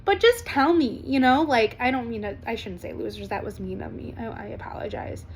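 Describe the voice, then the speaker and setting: High-voiced blunt woman in her forties. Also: fairly quick, a little hiss or hum. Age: 40s. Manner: blunt, animated, swears freely. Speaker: vlogger. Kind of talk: candid talk to camera.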